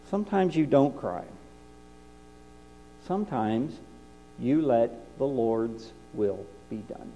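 A man preaching a sermon, climbing into impassioned high peaks and then dropping low and quiet. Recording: dull lo-fi recording with mains hum.

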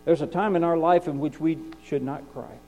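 A man preaching a sermon, climbing into impassioned high peaks and then dropping low and quiet. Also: steady tone, normal speed. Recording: dull lo-fi recording with mains hum.

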